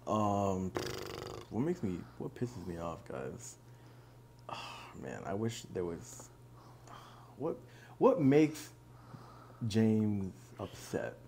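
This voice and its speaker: A young man co-hosting a podcast, easygoing in casual chat with quick reactions. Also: lowish voice, sing-song, gravelly, mellow, a little hiss or hum. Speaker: podcast co-host.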